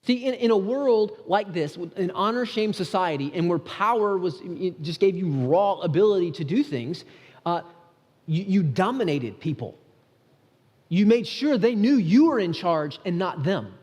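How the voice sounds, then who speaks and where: A man's voice: high voice, expressive, moderate pace, darkish tone, slightly rough. A male pastor preaching a sermon in an earnest, conversational way, often restarting his sentences. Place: church sanctuary. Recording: church hall with long reverb.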